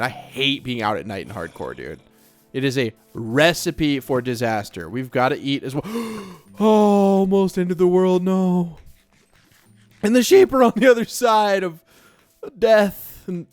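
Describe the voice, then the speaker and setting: A man with a slightly high voice gives casual gameplay commentary for a let's play. He is chatty and nervous and keeps talking to himself. Faint music plays behind him. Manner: chatty, nervous self-talk.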